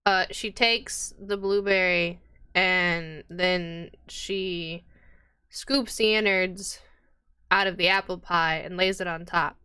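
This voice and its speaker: A woman's voice: on the low side, steady tone, slow pace, bright, forceful tone, smooth. A woman narrating as game master in a tabletop game, casual and chatty with many fillers.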